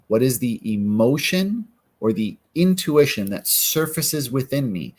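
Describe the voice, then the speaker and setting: A man in the middle of his range, coaching in a calm, guiding manner. He walks listeners through an exercise step by step. He often slips into quoting the questions people ask themselves. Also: mid-range voice, measured pace, breathy edge. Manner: calm, guiding, acts out inner questions in quotes. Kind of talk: guided self-help coaching.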